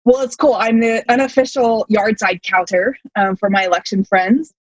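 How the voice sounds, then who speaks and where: A woman's voice: mid-range voice, fairly even intonation, moderate pace, no echo, dull audio. A woman runner talking casually as an interview guest, chatty and self-deprecating, filling her speech with "like". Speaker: long-distance runner guest.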